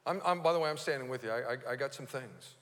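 A man's voice: mid-range voice, fast, a bit bright. A male pastor preaching a live sermon, earnest and often restarting his words. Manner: earnest, with repeated stammered restarts. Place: church sanctuary. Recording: reverberant church hall.

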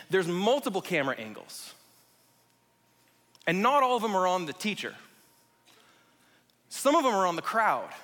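A man in his thirties preaching a sermon, explaining scripture and telling stories with acted-out quotes. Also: high-pitched. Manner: animated storyteller, acts out quotes. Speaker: pastor. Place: church sanctuary. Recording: long hall reverb.

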